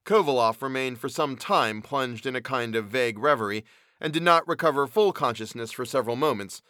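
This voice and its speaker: A man narrating a classic story in an expressive, measured reading. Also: medium pitch, no room sound, clean studio sound.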